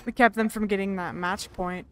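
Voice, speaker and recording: A young woman streaming a shooter game, chatting casually with teammates, excitable and quick to laugh and swear. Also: mid-range voice. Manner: excitable, laughs often, swears while playing. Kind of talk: casual gaming chat. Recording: game music underneath.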